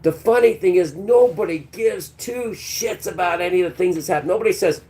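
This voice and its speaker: A man's voice: sits high, brisk, mellow. Man ranting crudely on a live stream. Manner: rambling, crude and sarcastic.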